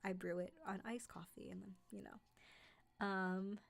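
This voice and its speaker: A woman's voice: medium pitch, steady tone, measured pace, vocal fry. A woman talks casually with her viewers on a livestream, with a light New York accent. Her speech is loose and friendly and often filled with "like" and "um". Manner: chatty, many fillers like "like" and "um". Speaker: host of a horror narration channel.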